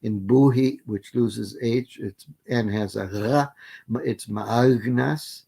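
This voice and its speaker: A man's voice: medium pitch, takes it slowly, vocal fry, dark tone, husky. An older man giving an academic plenary lecture, methodically listing word forms with frequent fillers and restarts. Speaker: linguistics lecturer.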